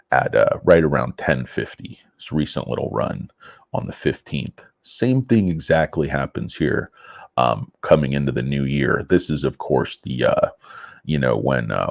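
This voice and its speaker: A man's voice: very deep voice, gravelly, no echo, clean studio sound. A man hosting a stock market vlog in a blunt, profane, sarcastic rant. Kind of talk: casual ranting vlog.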